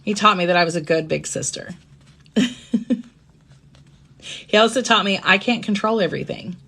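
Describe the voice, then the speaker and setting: A woman hosting a live-streamed personal talk. She speaks reflectively and gently, often checking in with her listeners by asking "right?". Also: mid-range voice, normal speed, vocal fry. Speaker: host.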